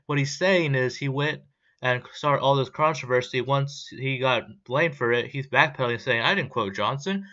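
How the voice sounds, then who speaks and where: Angry young man ranting, bright voice. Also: medium pitch, moderate pace. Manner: heated, profane, rambling. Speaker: vlogger. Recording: dull lo-fi sound.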